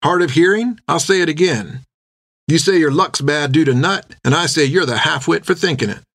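A man's voice: on the high side, moderate pace, a bit bright, pitched above the performer's own voice. A man voicing a small, scrappy young woman passing as a boy, speaking bluntly and defiantly.

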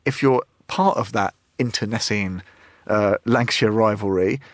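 A man's voice: fairly low pitch, moderate pace, no room sound. A man with a North London accent who heads a radio station, musing thoughtfully in a studio discussion. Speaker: head of radio.

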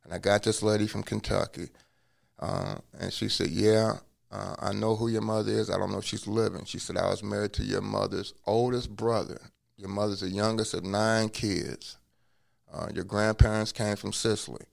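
A man telling his life story in a relaxed interview, acting out what people said to him. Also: fairly low pitch, normal speed, vocal fry. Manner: acts out quoted dialogue in a lively way; casual, drops curse words. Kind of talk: conversational storytelling.

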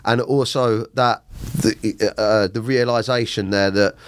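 A man's voice: lowish voice, fairly even intonation, smooth, dry recording. Emotional man hosting a podcast. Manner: emotional, halting, swears casually. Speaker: podcast host. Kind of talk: casual emotional interview chat.

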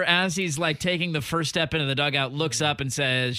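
A man's voice: fairly high pitch, steady tone, normal speed, sharp tone, dry recording, clean studio sound. A man hosting a casual sports talk show, laughing often and reeling off statistics. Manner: chatty, laughs often, reels off stats. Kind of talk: casual sports radio chat.

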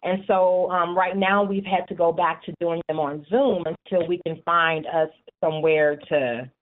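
A woman in her forties who leads a support group, talking in a casual interview and telling stories in an animated way with frequent "you know". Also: fairly low pitch, normal speed. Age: 40s. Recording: tinny phone line.

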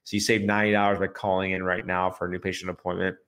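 Male radio host, chiropractor, lower voice, punchy and rambling with restarts. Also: flat delivery, racing, fairly bright tone, clear, resonant tone. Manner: emphatic, repetitive, restarts often. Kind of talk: casual radio talk.

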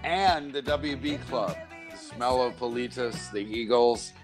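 A man hosts a radio talk show from a studio, speaking in chatty, rambling banter. His voice sits at a middling pitch. Faint music plays in the background. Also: measured pace. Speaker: radio host.

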